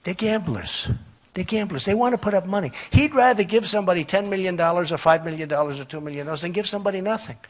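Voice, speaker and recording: A man's voice: high voice, fast. An older man giving a rambling, repetitive campaign rally speech from a podium microphone, boasting in a conversational way. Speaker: political candidate. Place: outdoor or hall rally.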